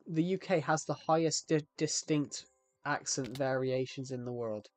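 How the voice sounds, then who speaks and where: A man's voice: mid-range voice, moderate pace, no room sound, soft background music. Rambling young man, West Country accent. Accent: West Country English. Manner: rambling, repeats himself, frequent restarts. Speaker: streamer. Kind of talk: casual live-stream chat.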